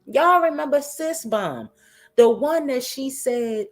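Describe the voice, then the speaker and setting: A woman's voice: mid-range voice, expressive, a little slow. A woman giving casual commentary to her viewers, chatty and talking straight to them. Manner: chatty, addresses viewers as guys and y'all. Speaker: commentary YouTuber.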